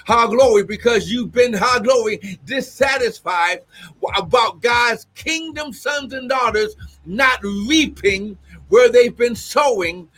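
Fervent high-voiced man prophesying. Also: takes it slowly. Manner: fervent, breaks into shouts and tongues; constant exclamations of "glory". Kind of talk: live-streamed prophetic ministry.

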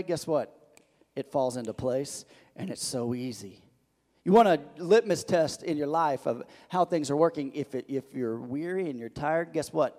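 A man preaching a sermon as a pastor, loud on his emphasis and hushed on his quiet lines, often repeating and restarting words. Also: fairly high pitch. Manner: animated, swings between loud emphasis and soft hushed lines; frequent repetitions and restarts. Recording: long reverb of a large hall.

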